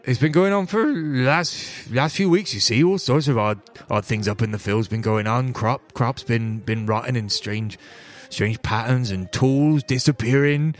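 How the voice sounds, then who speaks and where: A man voicing a big, anxious, balding farmer who speaks slowly in a rustic country dialect. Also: mid-range voice, natural voice. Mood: worried. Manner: rustic dialect, slow and worried.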